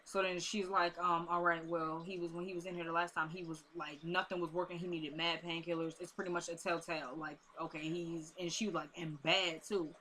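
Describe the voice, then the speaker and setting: A woman's voice: on the low side, little pitch movement, fairly quick, few pauses, sharp tone, slight background noise. A young woman, chatting casually as she recaps a TV episode and retells the scenes with quoted lines and asides.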